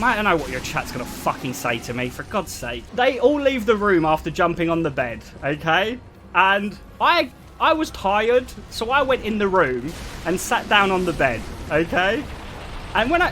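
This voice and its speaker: Animated high-voiced streamer guy. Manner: animated, laughs often, self-deprecating. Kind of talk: casual storytelling to a live chat.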